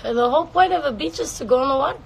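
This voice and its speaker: A woman's voice: high voice, lively intonation, rapid-fire, gravelly, slight background noise, rough recording. A woman singer casually answering fan questions on a livestream from home, playful and swearing freely. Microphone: phone.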